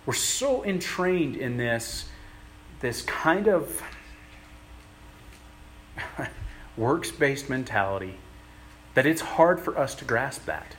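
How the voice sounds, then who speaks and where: A man giving a conversational sermon, earnest and plain-spoken, pausing often as he works through his thoughts. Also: medium pitch, lively intonation, a bit bright, slight background noise. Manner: earnest, plain-spoken, halting with many pauses. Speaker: preacher.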